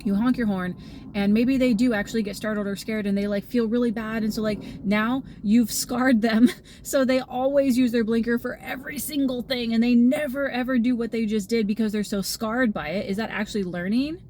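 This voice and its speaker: A woman's voice: fairly high pitch, steady tone, brisk, a little mellow, slight background noise. A woman talking through a channeled tarot message to her viewers, rambling and casual with lots of fillers and everyday analogies. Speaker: tarot reader.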